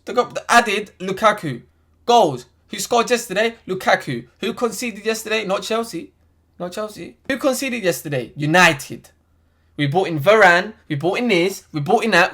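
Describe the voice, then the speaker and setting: A man's voice: sits high, a bit bright. A young man ranting in a vlog, heated and exasperated, full of slang. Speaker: football fan vlogger. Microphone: desk USB microphone.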